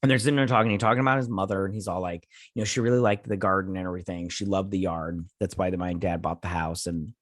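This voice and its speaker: A man's voice: low voice, fairly even intonation, fast, hardly any pauses, no room sound, clean studio sound. A man hosting a casual TV episode recap, rambling and paraphrasing scenes as he goes. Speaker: host.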